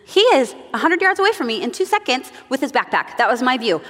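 A middle-aged woman leads a moms' group, telling family stories and acting out little moments as she goes. Her delivery is chatty and animated, and a long reverb trails each phrase, as in a large church room. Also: sits high, fairly quick, hardly any pauses. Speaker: moms' group Bible study leader. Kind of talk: devotional teaching with personal stories.

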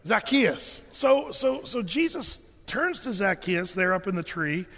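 A man preaching a sermon, telling Bible stories in an animated, folksy way with casual asides. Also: sits high, a little slow, few pauses, in a large hall. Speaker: pastor.

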